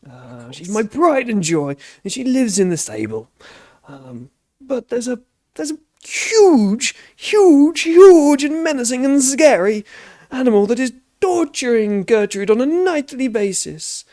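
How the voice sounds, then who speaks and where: A man's voice: unhurried, full character voice. A man voicing a posh, fussy male hobbit farmer who stammers and gets flustered. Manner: flustered, stammering, high and excitable.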